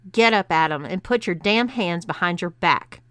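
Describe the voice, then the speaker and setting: A woman's voice: medium pitch, lively intonation, a little slow, a bit bright, smooth, no room sound. A woman reading the part of a bossy adult woman who taunts and gives orders. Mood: commanding. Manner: taunting, commanding.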